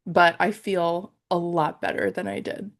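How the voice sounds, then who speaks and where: A woman's voice: lowish voice, sing-song, unhurried. Congested young woman chatting. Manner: chatty, rambling with fillers. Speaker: podcast co-host. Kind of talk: casual chat.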